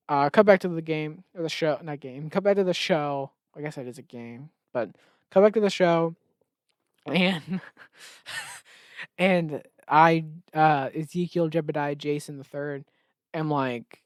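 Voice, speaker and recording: A man's voice: a little high, normal speed, clear, resonant tone, no room sound, studio quality. A man hosting a solo comedy podcast, rambling sarcastically and often cutting himself off. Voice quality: rambling, sarcastic, self-interrupting. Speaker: podcast host.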